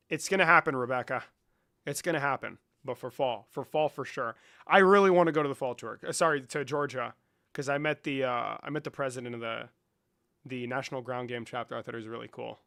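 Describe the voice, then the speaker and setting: A man's voice: medium pitch, pushed and bright, clean tone, no echo, studio quality. An American man hosting a live stream in casual chat, teasing and joking crudely with callers. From United States. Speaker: streamer and host.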